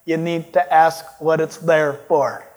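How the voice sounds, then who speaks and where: A preacher doing a drawling old radio Bible teacher. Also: male voice, a little high, little pitch movement, a little slow, background noise, voice pushed down, close to an everyday voice. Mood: folksy. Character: older male radio Bible teacher, folksy.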